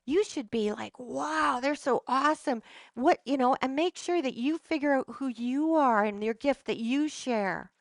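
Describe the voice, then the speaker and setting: A woman's voice: high-pitched, lively intonation, normal speed, hardly any pauses, a little mellow, no echo. A middle-aged woman, a holistic practitioner, giving an earnest, emphatic motivational talk to a live audience and often restarting her sentences.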